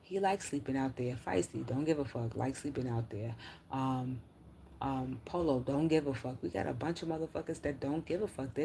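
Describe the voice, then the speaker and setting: A woman's voice: low voice, dark tone, slight background noise. A woman ranting bluntly and profanely on a casual livestream, reading chat comments aloud.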